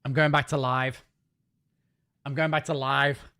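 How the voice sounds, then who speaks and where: A man from the north of England with a northern English accent, chatting casually and jokily on a gaming livestream, talking fast with frequent restarts. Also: mid-range voice, fairly bright tone. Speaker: streamer.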